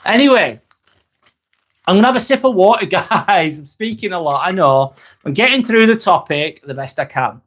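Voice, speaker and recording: A man's voice: high voice, animated, normal speed, fairly bright tone. A man, hosting a casual live stream, talking bluntly and candidly while answering chat comments. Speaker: livestream host.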